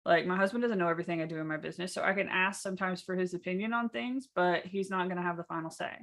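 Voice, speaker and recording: Calm, low-voiced woman coach. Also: very fast. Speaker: business coach. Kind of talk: casual workshop teaching.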